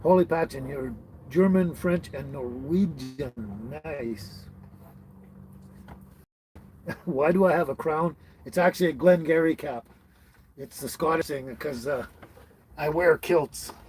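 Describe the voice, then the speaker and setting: Speaking at a normal pace in a fairly high, slightly mellow voice, a Canadian man from British Columbia runs a relaxed home livestream. He reads comments aloud, greets people by name, laughs frequently and fumbles names, with slight background noise present.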